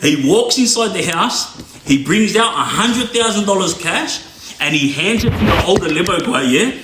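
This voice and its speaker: A man's voice: sits high, animated, normal speed, a bit bright, roomy sound, a little hiss or hum. A man telling a crime story casually, rambling and checking in with a constant "yeah?". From Australia.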